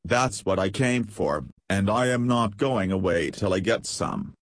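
A man's voice: lowish voice, a little slow, dry recording. A man reading the part of a small, bald, melancholy tradesman who whines and pleads for his money, in an audiobook. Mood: whining. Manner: whining, pleading, desperate.

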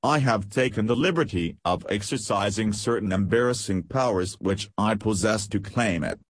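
Audiobook: a soothing, good-humored detective, read by a male narrator; low, dry. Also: normal speed, no echo, natural voice. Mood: reassuring. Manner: gentle, reassuring. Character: genial, soothing police detective, man. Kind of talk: audiobook character reading.

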